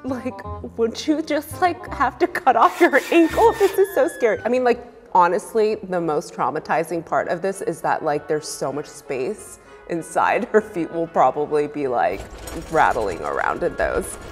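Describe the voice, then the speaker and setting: A woman hosting a casual reaction video, animated and quick to exclaim and laugh. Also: on the low side, in a large hall, faint music behind. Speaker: pointe shoe fitter and channel host.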